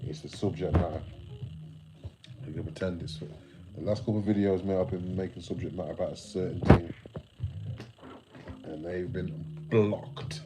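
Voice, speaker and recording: A man's voice: low-pitched, steady tone, normal speed, pauses often, over loud music, poor audio. A man chatting on a late-night livestream, sleepy and yawning, rambling in laid-back slang and swearing freely.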